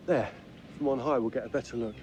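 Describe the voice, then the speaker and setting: A man's voice: mid-range voice, fast, over a noisy crowd, lightly acted. An actor playing an eager, persuasive man leading a small film crew in a video game, heard over game music. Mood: urging. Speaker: game character. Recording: music under game audio.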